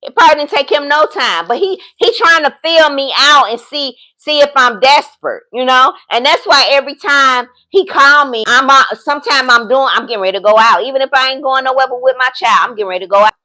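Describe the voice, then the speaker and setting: A woman's voice: sits high, brisk, few pauses, sharp tone. A woman in her fifties, a vlogger, chatting casually and telling a story straight to her viewers, acting out both sides of a phone call. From United States. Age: 50s.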